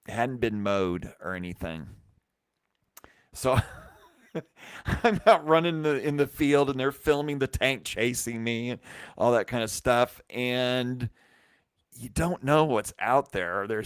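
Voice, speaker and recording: A man hosts a live stream and spins a loose, animated anecdote, doubling back and restarting as he goes. His voice is smooth and clear at a middling pitch. It is recorded close and dry. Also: takes it slowly, dry recording. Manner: rambling, animated anecdote with many restarts and acted-out quotes. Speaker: brewery company host. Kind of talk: casual storytelling on a live stream.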